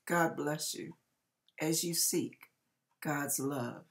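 A woman with a fairly low voice tells her heartfelt testimony at a slow, deliberate pace. She speaks earnestly and tenderly, swelling with feeling and then letting lines fade softly. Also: steady tone. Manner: earnest and tender, with emotional swells and soft trailing endings. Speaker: ministry speaker sharing a testimony.

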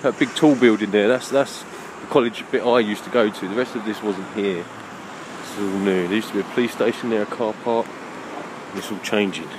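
A man talking as he walks outdoors on a city street, musing and halting between thoughts. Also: fairly low pitch. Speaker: vlogger. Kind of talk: walking vlog monologue. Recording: street noise behind. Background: traffic noise.

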